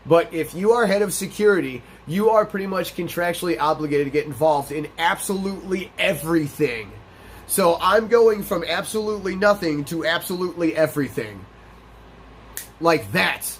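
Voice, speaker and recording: A man's voice: on the high side, a little hiss or hum. A man hosting a gaming channel, telling a rambling, profane, self-deprecating story over a game playthrough.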